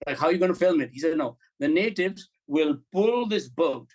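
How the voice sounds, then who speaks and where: A man's voice: on the high side, normal speed, low-quality recording. A middle-aged man, a film director as interview guest, telling candid, blunt stories and acting out the dialogue in them. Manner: animated anecdotes, blunt and profane, acts out quoted dialogue.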